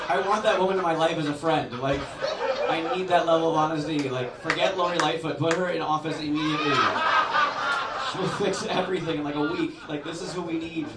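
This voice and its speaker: A man doing a stand-up set in a comedy club, telling animated stories and acting out the people in them. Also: a little high, normal speed, heavy background noise. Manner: animated, storytelling, acts out voices. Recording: roomy club recording from a distance, loud crowd.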